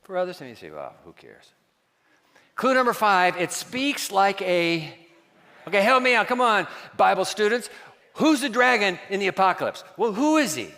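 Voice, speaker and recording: A man preaching a sermon as pastor, quizzing his congregation and dropping to hushed asides. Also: sits high, expressive, normal speed, big-room sound.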